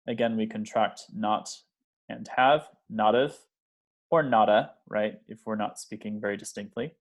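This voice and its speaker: A man teaching English pronunciation, slowly modeling example phrases and checking in with the learner. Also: on the low side. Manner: checks in with "okay?" and "right?". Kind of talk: pronunciation lesson.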